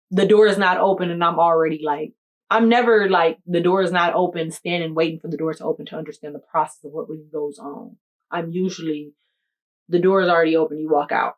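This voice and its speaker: Chatty young woman telling a story. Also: mid-range voice. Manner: animated, addresses the viewer directly with "you hear me?" and "okay, okay". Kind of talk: casual storytime chat.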